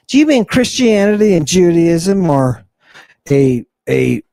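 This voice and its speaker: Fiery male lecturer, high voice, unhurried delivery, provocative and full of rhetorical questions. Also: big pitch swings, vocal fry, warm tone, no room sound. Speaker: host and lecturer. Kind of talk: impassioned lecture on ancient texts.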